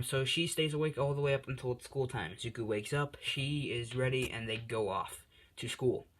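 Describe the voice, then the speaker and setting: A man's voice: mid-range voice, a bit bright, slight background noise. Male host, casual improvised storytelling, rambling, self-deprecating, heavy on fillers. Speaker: channel host telling a fan story.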